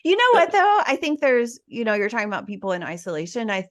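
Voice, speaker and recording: A woman co-hosting a podcast in casual chat, frank and quick to laugh. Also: on the high side, very animated. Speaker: podcast co-host.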